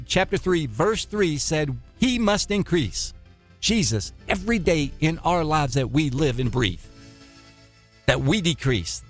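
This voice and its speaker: A man preaching a fervent radio sermon, exhorting listeners and repeating phrases for emphasis. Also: fairly high pitch.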